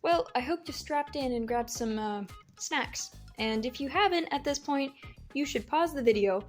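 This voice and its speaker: A woman's voice: high voice, animated, moderate pace, faint music behind. A young woman casually talking through her sketchbook as an artist vlogger, chatty and giggly, rambling with lots of fillers. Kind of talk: casual sketchbook tour narration.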